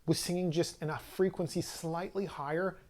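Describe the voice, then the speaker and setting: A man's voice: a little high, fairly even intonation, moderate pace, a little mellow. A man giving a casual, conversational product review to camera, speaking loosely with frequent fillers and restarts. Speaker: audio equipment reviewer.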